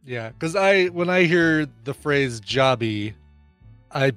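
A man's voice: medium pitch, expressive, slow, fairly bright tone, smooth, faint music behind. A man co-hosting a podcast, trading playful jokes in casual banter. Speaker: podcast co-host. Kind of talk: casual chat.

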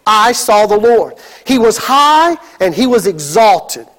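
A man preaching a sermon as pastor, with a dramatic delivery that swings into shouted exclamations. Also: high-pitched, sing-song, takes it slowly.

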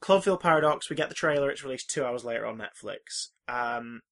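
Man, podcast co-host, casual film chat, animated, swears a lot, acts out reactions. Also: medium pitch, fairly quick.

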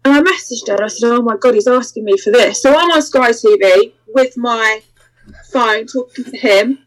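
A woman's voice: fairly high pitch, moderate pace, poor audio. A woman, a guest in an interview, telling a story candidly and acting out the voices of the people in it. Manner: animated, acts out quoted voices, laughs through the story.

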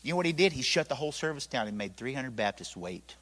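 A man telling his conversion story in a sermon, animated and acting out the voices of the people in it. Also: mid-range voice, quick pace, long reverb tail. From Tennessee, US. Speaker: preacher giving his testimony.

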